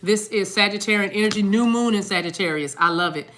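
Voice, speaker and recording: A woman speaks fast at a medium pitch with a fairly bright tone while giving a casual, rambling tarot reading. She's chatty, repeats words, sings snatches of songs, and addresses viewers directly.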